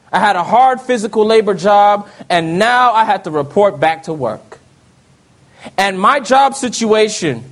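A man telling a personal testimony in an earnest storytelling way, often dropping to soft low tones. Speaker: speaker giving testimony.

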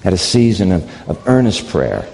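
A man's voice: sits low, big pitch swings, moderate pace, gravelly, darkish tone. A man preaching, telling a story in a candid, rambling way that restarts often. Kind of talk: sermon storytelling. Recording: long reverb in a large hall.

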